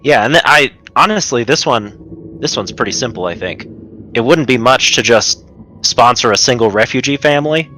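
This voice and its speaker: A man's voice: medium pitch, lively intonation, moderate pace, pushed and bright, soft background music. A man playing a tabletop game, talking casually in character with lots of fillers. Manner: casual, filler-laden, enthusiastic. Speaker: player.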